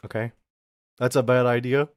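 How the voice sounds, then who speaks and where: A man rants to his stream audience, telling a story in an animated, profane way. His voice sits in the middle of the range and sounds very dry and close, with no room sound. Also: medium pitch, moderate pace, clean tone, no echo. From Australia. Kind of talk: casual ranting livestream chat.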